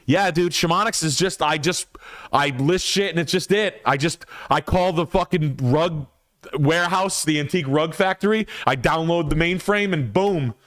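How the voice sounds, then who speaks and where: A man's voice: on the high side, moderate pace, fairly bright tone, voice pushed up, natural voice. A man mimicking a boastful male passive-income guru in a smug, bragging manner.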